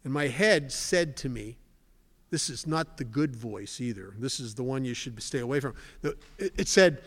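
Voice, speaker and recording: A man in his sixties giving a candid personal testimony at a recovery meeting, telling stories and swelling loud to stress a point. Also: medium pitch, animated, a little slow. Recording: long hall reverb.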